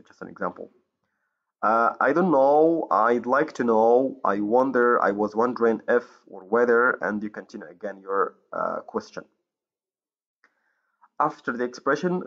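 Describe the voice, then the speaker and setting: A man from Morocco teaching an English grammar lesson, pausing often with fillers and correcting himself, in a dull lo-fi recording. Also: medium pitch, a bit bright. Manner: hesitant, many fillers and self-corrections.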